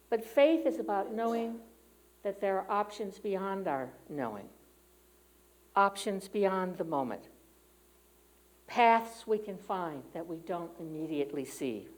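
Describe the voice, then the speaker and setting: The audio is poor, but it carries a middle-aged woman's mid-range, darkish voice as she gives a candid, personal sermon in a church sanctuary. Her delivery is conversational, full of fillers and false starts.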